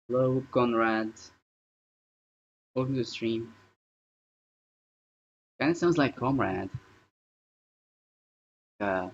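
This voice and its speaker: A man live-streaming at home in casual chatter, rambling and thinking aloud as he works. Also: lowish voice. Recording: dull lo-fi stream audio.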